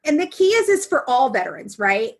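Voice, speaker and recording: A woman guest on a casual podcast, an animated storyteller who keeps adding "right?" and "you know". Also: high voice, brisk, husky. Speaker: guest, veteran fishing trip volunteer.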